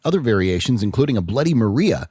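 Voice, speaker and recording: A man's voice: medium pitch, very animated, quick pace, mellow, slightly rough, dry recording, studio quality. A man co-hosting a podcast, jokey and anecdotal. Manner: jokey, anecdotal, laughs often. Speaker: podcast co-host. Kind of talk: casual podcast chat.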